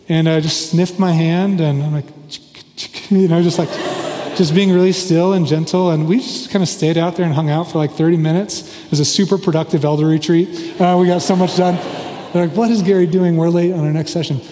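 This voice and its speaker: Echoey, mellow-voiced man preaching. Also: high-pitched. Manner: relaxed storytelling with joking asides. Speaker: pastor. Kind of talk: sermon. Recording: echoey hall reverb.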